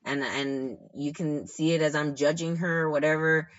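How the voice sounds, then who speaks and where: A man's voice: a little high, steady tone, normal speed, lo-fi sound. A young man who works as a shelter caseworker, venting about his job in a casual, frustrated and rambling way, full of restarts and fillers. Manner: frustrated, rambling, many restarts and "you know". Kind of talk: casual storytime vlog.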